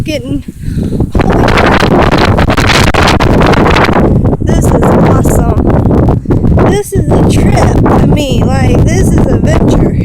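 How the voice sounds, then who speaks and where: A woman filming a casual walking vlog on a beach with her phone on a selfie stick, gushing and exclamatory. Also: high voice. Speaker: vlogger. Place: outdoors on a beach. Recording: loud wind noise on phone.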